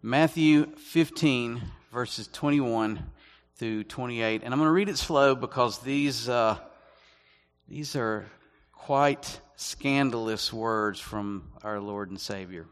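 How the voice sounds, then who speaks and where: A man preaching as a guest speaker, conversational and self-deprecating, reading scripture slowly and deliberately. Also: mid-range voice, clear, resonant tone. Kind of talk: sermon. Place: church sanctuary. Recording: long echo of a church hall.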